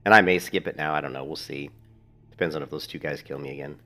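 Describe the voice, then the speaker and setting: A man's voice: extremely low pitch, steady tone, quick pace, pushed and bright. A man chatting casually while playing a game, rambling, laughing often and swearing now and then. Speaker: gaming streamer. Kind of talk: casual gameplay commentary.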